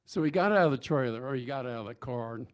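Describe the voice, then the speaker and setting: A man's voice: mid-range voice, lively intonation, fast talker. A man telling a story in a church sermon, folksy, with many restarts and fillers. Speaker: speaker at church service. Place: church sanctuary.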